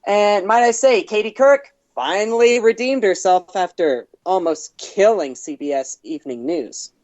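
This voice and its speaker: A man's voice: high voice, moderate pace, darkish tone, no room sound, lo-fi sound. A man co-hosting an online news show, reading news items and adding wry quips, calling in over the internet. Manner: wry, reads news copy then jokes about it. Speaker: co-host, entertainment reporter. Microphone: internet call.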